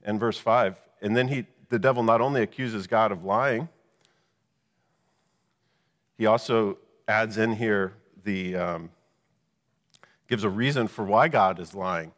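Man, Bible teacher, low voice, long reverb, rhetorical questions. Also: measured pace, a bit bright. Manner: explanatory, rhetorical questions, frequent "right?". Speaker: preacher.

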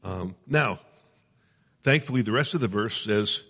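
Low-voiced man preaching in an echoey hall. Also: expressive, unhurried, a bit bright, husky. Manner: conversational, checks in with the audience often. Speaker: pastor. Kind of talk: sermon.

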